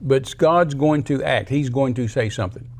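A man's voice: medium pitch, moderate pace. An older man teaching from the Bible as a talk show guest, folksy and storytelling, acting out quotes in a raised voice. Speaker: guest preacher.

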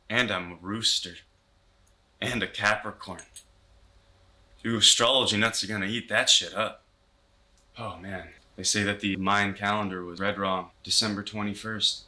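A man's voice: steady tone, normal speed, long pauses. A young man doing a mock-paranoid comedy rant as a YouTuber. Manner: mock-paranoid, yelling in a frantic high voice. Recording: voice over loud music.

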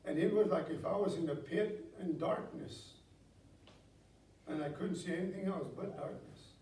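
A man's voice: sits high, moderate pace, darkish tone, a little hiss or hum. A middle-aged man, a pastor, preaching a sermon with folksy storytelling that builds to emphatic exhortation. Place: church sanctuary. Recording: echoey church from a distance.

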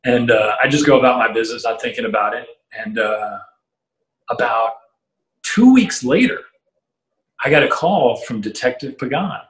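Middle-aged man, interview guest, animated storyteller, mid pitch, roomy echo. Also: normal speed. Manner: animated storyteller acting out quoted voices, many fillers and restarts. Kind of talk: storytelling anecdote in casual chat.

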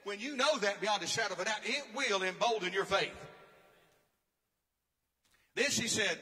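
A man's voice: sits high, sing-song, a little fast, long pauses, sharp tone. A man preaching a sermon, telling stories in an emphatic, preacherly way. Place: church or conference hall. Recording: long hall reverb.

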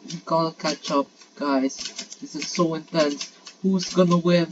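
A woman giving excited, frantic gameplay commentary, urging herself on with quick repeated pleas. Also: low-pitched. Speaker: gaming channel host. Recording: dull lo-fi mic with clear background noise.

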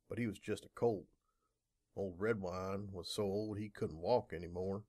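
Low-voiced man narrating an audiobook. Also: a little mellow, no echo, clean studio sound. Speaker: audiobook reader. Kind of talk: scripted narration.

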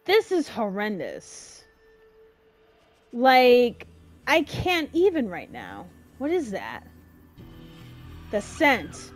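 Lively young woman, dramatic gaming commentary. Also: a little high, extremely slow, long pauses, faint music behind. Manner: emotional, reacts loudly and dramatically; casual slang. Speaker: gamer. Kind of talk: let's play commentary.

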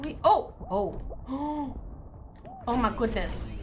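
Excitable high-voiced woman streaming a game. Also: unhurried, pauses often, background noise. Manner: excitable, giggly, lots of exclamations. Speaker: streamer playing with viewers. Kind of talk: casual live gaming commentary.

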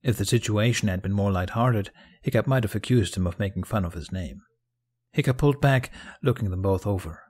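A man narrating a fan fiction audiobook in a calm, even storytelling manner. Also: on the low side, brisk, slightly rough.

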